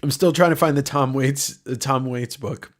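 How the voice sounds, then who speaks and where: Hosting a giveaway on a livestream, this man has a medium-pitched voice with fairly even intonation and normal speed. His delivery is casual and nasal, full of rambling, jokes, and the occasional curse word.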